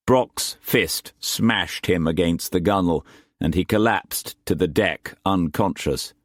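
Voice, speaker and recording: A man narrating an audiobook in a measured, unhurried reading style. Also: low voice, no room sound, clean studio sound. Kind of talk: scripted narration.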